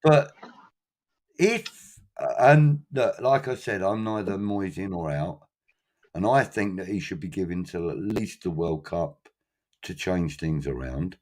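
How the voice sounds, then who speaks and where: Guy hosting a fan chat, really low voice, lots of ums and pauses. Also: darkish tone. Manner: chatty, hesitant with many ums. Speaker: podcast host reading chat comments. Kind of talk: casual fan chat show.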